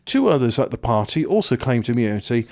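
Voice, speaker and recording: A man's voice: mid-range voice, very animated, quick pace, a little mellow. A man hosting a casual podcast, reading a news article aloud between jokes and asides. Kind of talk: casual chat.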